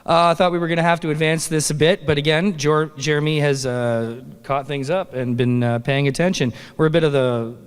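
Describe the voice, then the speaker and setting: A man's voice: on the high side, steady tone, brisk, hardly any pauses, clean tone. A man with a Canadian accent emceeing a live awards ceremony on a convention stage, upbeat and joking as he reads out nominees. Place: large convention hall stage. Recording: long hall reverb.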